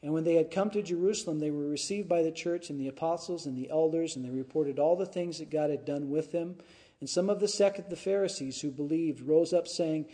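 A man's voice: on the high side, mellow. A man, a pastor, preaching through a scripture passage and often checking in with his congregation with "huh?" and "right?". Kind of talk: expository sermon.

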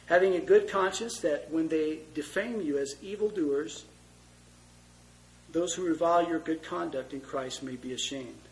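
A man preaching a conversational sermon, moving between loud emphasis and hushed, tender asides. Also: fairly high pitch, normal speed, rough recording. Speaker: pastor.

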